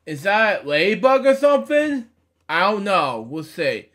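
A man's voice: high voice, sing-song, unhurried, a bit bright. A man reading a picture book aloud, stumbling over words, correcting himself and chatting between pages. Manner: stumbling reader, frequent fillers and self-corrections. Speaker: storybook reader.

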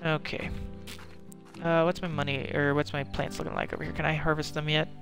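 A man's voice: a little high, flat delivery, brisk, creaky, over music. A man streaming a game, cursing and muttering to himself as he plays. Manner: frustrated, swearing, muttering to himself; panicked, shouting. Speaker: gaming streamer. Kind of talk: live gameplay commentary.

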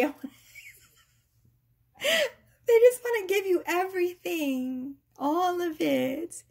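Woman, tarot reader, casual chat, giggly, sassy, playful, high voice. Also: slow, vocal fry, long pauses, darkish tone.

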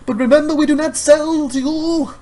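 High, perky shop clerk who won't leave you alone, as a gamer puts him on. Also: male voice, steady tone, moderate pace, dark tone. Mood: chirpy. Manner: chirpy, insistent. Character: eager pushy male shop assistant.

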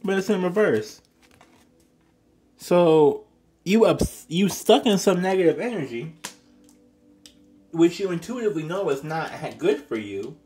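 A man talking casually to his viewers as he gives a tarot reading. He chats, exclaims, and breaks into sudden high squeals. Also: animated, measured pace, pauses often, a little mellow, soft background music. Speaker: tarot reader.

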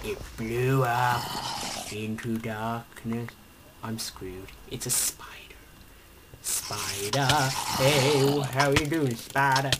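A man commentating his own video game play in an animated way, pleading with and taunting the monsters and sometimes dropping into a whisper. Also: mid-range voice, slow, very noisy. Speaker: let's play gamer.

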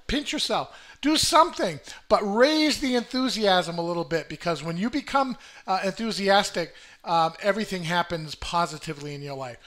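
An older man hosting a casual motivational video to camera, full of fillers and repeated words, swinging between peppy and deliberately flat. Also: high-pitched. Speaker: self-help video host.

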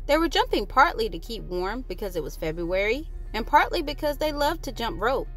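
A woman reading a children's picture book aloud, with expressive delivery and lively character voices. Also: a little high, brisk, faint music behind. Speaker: storyteller.

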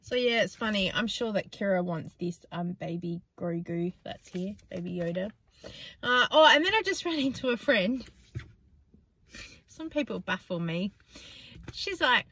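A woman's voice: a little high, lively intonation, unhurried, pauses often, bright, forceful tone, no room sound. A middle-aged woman with an Australian accent, chatting casually in a vlog, laughing often as she retells her week. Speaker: vlogger.

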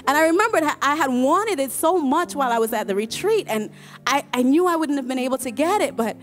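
A woman choir member giving an earnest, emotional personal testimony at a church service. She talks haltingly, restarting and repeating words and often breaking into laughter. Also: high voice, animated.

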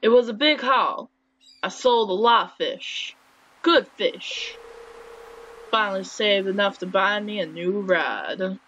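A woman's voice: medium pitch, animated, takes it slowly, fairly bright tone. A woman reading as a friendly fisherman. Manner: half-hearted sailor voice. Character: friendly male fisherman with a sailor's talk. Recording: dull lo-fi with faint hiss.

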